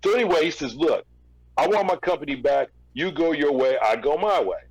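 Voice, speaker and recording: His voice is husky, a little high, animated and slightly fast: a middle-aged ex-record label executive telling a story as a podcast guest. He plays both parties in each exchange through quoted dialogue, with frequent restarts and repeated words, in a casual interview. The recording is dry and rough.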